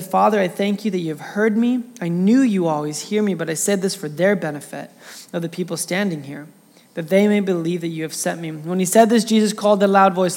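A man preaching, reading scripture aloud with dramatic voices for the quotes and then commenting in a casual way. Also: high-pitched. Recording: long reverb of a hall.

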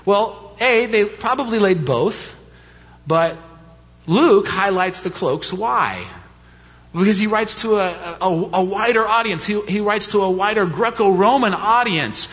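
High-voiced preacher in a reverberant hall. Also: male voice, fairly bright tone. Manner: conversational, with rhetorical questions and emphatic repeats. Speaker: pastor. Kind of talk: sermon. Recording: reverberant hall, dull lo-fi sound.

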